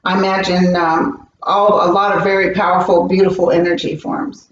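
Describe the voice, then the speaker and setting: A woman's voice: lowish voice, little pitch movement, moderate pace. An earnest woman speaks as a psychic medium in an interview and tells her stories with animation. She sits well back from the mic in a roomy space, and the sound is dull with a faint hiss. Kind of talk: interview conversation. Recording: roomy, distant, dull recording.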